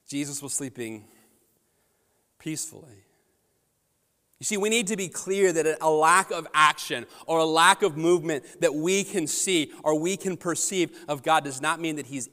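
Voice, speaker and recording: A man preaches a sermon on a microphone, slipping from easy storytelling into strong, emphatic rises. His voice sits a bit high for a man. The sound carries a long reverb from a large church hall. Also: pushed and bright. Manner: storytelling, conversational with rising emphatic peaks. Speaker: pastor. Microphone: handheld or headset microphone.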